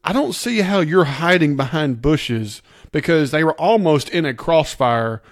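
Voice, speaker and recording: A man's voice: a little high, expressive, measured pace. A man co-hosting a podcast, breaking down a TV episode in casual chat, emphatic and explaining his points step by step. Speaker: podcast co-host.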